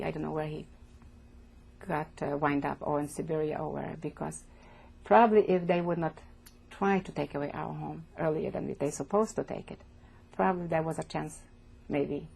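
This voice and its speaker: An older woman from Poland giving oral history testimony as an interviewee, speaking haltingly and repeating words as she goes. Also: low-pitched, darkish tone. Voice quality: gravelly, husky.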